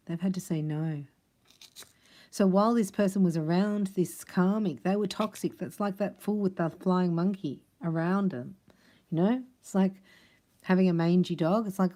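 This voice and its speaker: With a warm, lowish voice, a woman talks her way through a casual tarot reading in a playful, chatty style. She laughs frequently and sometimes slips into a near whisper.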